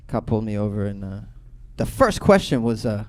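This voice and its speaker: A man in his thirties from Boston doing a stand-up comedy set, telling a loose, profane story with sudden loud bursts. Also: fairly low pitch, big pitch swings, fairly quick, slight background noise. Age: 30s.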